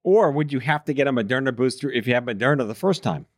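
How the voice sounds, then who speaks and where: Quipping man host, lively intonation. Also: mid-range voice, no room sound, clean studio sound. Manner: joking, quick quips. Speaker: podcast host. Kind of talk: casual chat.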